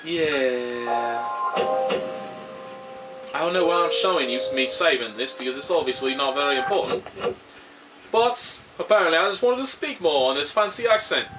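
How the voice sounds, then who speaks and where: A man giving casual, excitable gameplay commentary, swearing freely and joking as he plays. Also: fairly high pitch, normal speed, long pauses, low-quality recording. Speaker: let's play host. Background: loud game music.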